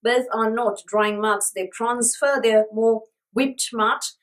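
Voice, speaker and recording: A woman's voice: a little high, steady tone, slow, rough recording. A woman beauty vlogger with a sore throat, talking around a lozenge in a chatty, enthusiastic product review. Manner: chatty, enthusiastic, repeats words for emphasis.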